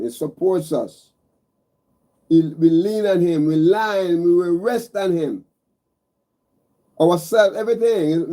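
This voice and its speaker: A man's voice: a little high, mellow. A man preaching a meditative sermon, repeating phrases and calling his listeners brothers and sisters, stacking emphatic single words.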